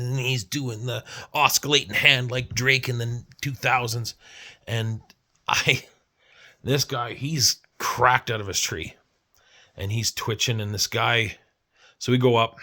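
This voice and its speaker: Gravelly low-voiced man spinning a yarn. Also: pushed and bright. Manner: rambling, profane, acts out the voices he quotes. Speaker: vlogger. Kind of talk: casual storytelling.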